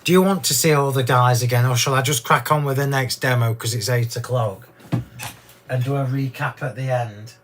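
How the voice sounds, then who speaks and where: A man hosting a card-making demonstration, chatty and gushing, a little hoarse from losing his voice. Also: mid-range voice, fairly even intonation, normal speed, a little hiss or hum. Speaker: crafting demo host.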